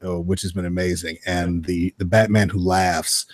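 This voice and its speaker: A man in his thirties co-hosts a casual podcast with a fairly low voice. He rambles in a relaxed way and gets enthusiastic, and the recording is dry and close with no room sound. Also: normal speed, no room sound. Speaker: podcast co-host.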